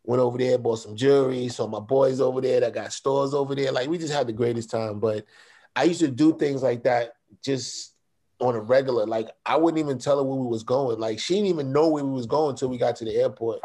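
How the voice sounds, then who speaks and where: A middle-aged man telling stories as an interview guest, relaxed and slangy in his phrasing. His voice sits at an everyday middle pitch, and he grows animated when he acts out what other people said. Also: a little fast. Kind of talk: casual storytelling.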